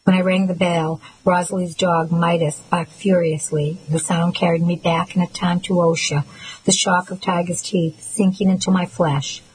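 A woman narrating a novel in the first person, with a soft, measured, emotional reading. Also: on the low side, little pitch movement, slight background noise, poor audio. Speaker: audiobook narrator.

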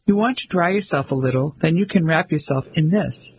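Male reader doing a kind, gentle abbot, soft delivery. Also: on the high side, fairly quick, a little hiss or hum, close to an everyday voice. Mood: kindly.

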